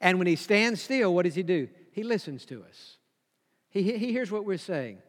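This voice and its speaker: Preacher, male, high-pitched, emphatic, sermon delivery in a reverberant hall. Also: very animated, moderate pace. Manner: emphatic, repeats key phrases, drops to a hush for quoted whispers.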